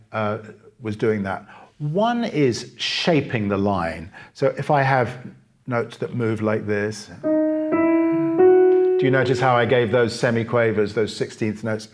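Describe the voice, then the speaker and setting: Male pianist-teacher, mid-pitched voice, calm explainer, loud piano behind. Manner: patient, explanatory, pauses to play examples. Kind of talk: masterclass demonstration at the piano. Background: piano playing between phrases.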